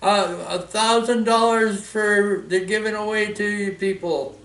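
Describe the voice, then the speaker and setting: A pushy online commenter gushing about store rewards in a high, breathless sales-pitch voice, as a man mimics him. It sounds echoey, with the mic set well back in the room. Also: steady tone, measured pace, fairly bright tone, far from the mic.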